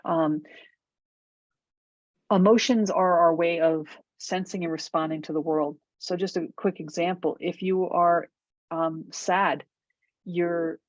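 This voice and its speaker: A middle-aged woman teaching a meditation workshop in a warm, conversational way, often checking in with "right?" and "okay?". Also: fairly low pitch, dry recording. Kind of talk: guided workshop talk on a video call. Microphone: video call. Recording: dull lo-fi video call audio.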